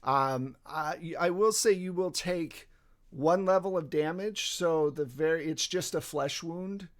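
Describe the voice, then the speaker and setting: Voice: medium pitch, a little slow. A game master running a tabletop game, rambling with fillers and laughing often.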